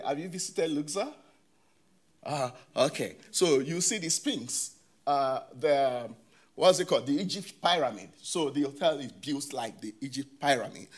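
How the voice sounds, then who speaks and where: A male conference presenter walks through his academic research, stumbling over restarts and leaning on "you know" as he quizzes the room. His voice is mid-range with a breathy edge.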